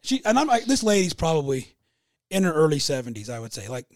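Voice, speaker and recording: A man co-hosting a podcast, telling a long anecdote in a relaxed, halting way with many restarts. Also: fairly high pitch, no echo, studio quality. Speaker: podcast co-host. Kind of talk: casual storytelling chat.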